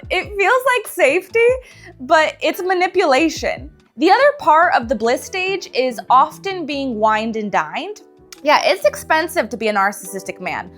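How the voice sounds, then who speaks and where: A young woman talks straight to her viewers in a high, bright voice, telling stories and slipping into impressions of the people in them. Soft music plays faintly underneath. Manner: animated, acts out quoted voices. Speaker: relationship advice vlogger. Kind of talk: casual storytelling to camera.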